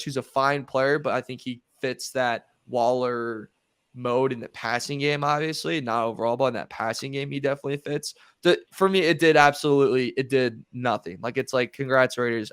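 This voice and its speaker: A man's voice: medium pitch, fairly bright tone, smooth, no echo, clean studio sound. A man co-hosting a sports podcast, talking football in a laid-back, casual way with everyday comparisons. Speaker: podcast co-host.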